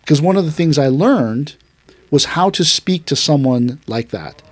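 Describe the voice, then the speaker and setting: A man's voice: fairly high pitch, unhurried, breathy edge, no echo. A man who teaches at a martial arts dojo, telling stories casually on a podcast and acting out the voices of his teacher and students. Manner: animated, acts out quotes of his teacher and students. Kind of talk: casual storytelling chat.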